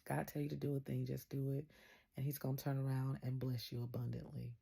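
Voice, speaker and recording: A woman's voice: rumbling low, flat delivery, fast, gravelly, dark tone, breathy edge. A woman, earnestly telling a story as the host of a faith channel and retelling conversations line by line. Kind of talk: casual spoken testimony.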